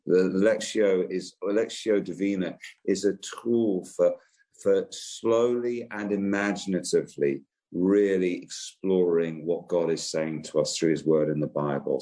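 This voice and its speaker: A man being interviewed as an author guest. He talks gently and thoughtfully, with hesitant restarts. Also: low voice. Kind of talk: interview answer.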